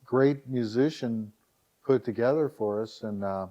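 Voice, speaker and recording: A medium-pitched man speaks a little slowly as a podcast guest, recounting stories from his time founding a dating site. He animates quoted lines by raising his voice, and the audio has its high frequencies cut off.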